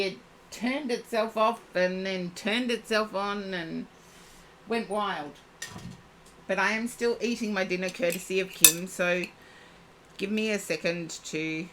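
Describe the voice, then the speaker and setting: A woman's voice: mid-range voice, bright, forceful tone, a little hiss or hum. A woman giving a live-streamed oracle card reading, chatting and thinking aloud as she reads. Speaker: psychic card reader.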